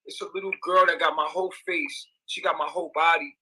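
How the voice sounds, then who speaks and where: A man's voice: on the high side, steady tone, fast, bright, forceful tone, breathy edge, low-quality recording. A young man, ranting in an agitated, repetitive, profane livestream monologue.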